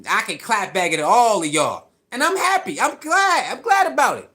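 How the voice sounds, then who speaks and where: High, lively ranting man. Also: moderate pace. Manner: ranting, exasperated, mocks critics in put-on voices. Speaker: sports commentary host. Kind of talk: heated solo sports rant.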